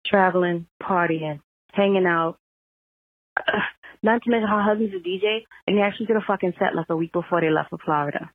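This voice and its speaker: A woman's voice: lowish voice, fairly quick, no room sound. Angry New York woman on a tinny phone line. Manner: angry profane rant. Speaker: caller. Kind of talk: venting voicemail.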